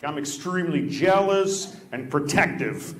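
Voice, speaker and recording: A man doing stand-up comedy, firing off punchy one-liners and quick asides to the crowd on a club stage. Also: a little high, expressive. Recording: echoey club with loud audience laughter. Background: audience laughing and applauding.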